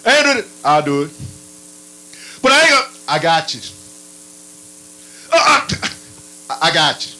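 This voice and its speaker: A male preacher with a high, bright voice delivers a sermon in a lively, playful manner. His pitch leaps up and drops low again, and now and then he breaks into barking sounds. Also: moderate pace, long pauses, poor audio.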